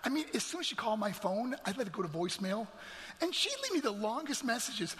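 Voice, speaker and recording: A man telling an emotional personal story to an audience in a large hall, earnest and sometimes dropping to hushed near-whispers. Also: very high-pitched, sing-song, quick pace. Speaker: motivational speaker. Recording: long hall reverb, faint music.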